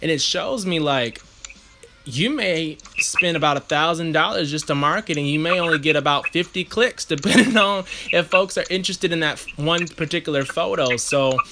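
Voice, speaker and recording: Male podcast host, Southern US twang, relaxed and jokey, slightly raised pitch, background noise. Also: normal speed. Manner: relaxed, laughs often, mocks voices playfully. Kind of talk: casual chat.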